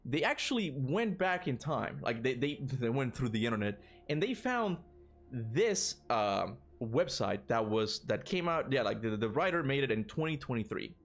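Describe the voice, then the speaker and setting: A man's voice: mid-range voice, sing-song, moderate pace. A man hosting a casual gaming livestream, rambling with many fillers and restarts, and laughing often. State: burping after lunch. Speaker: gaming channel host.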